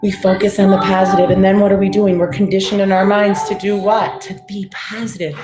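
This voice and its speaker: Energetic woman coaching breathwork, roomy echo. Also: mid-range voice, a little fast. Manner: energetic, encouraging, calls out viewers by name. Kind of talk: live-streamed guided breathing and affirmations. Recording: roomy echo with faint music.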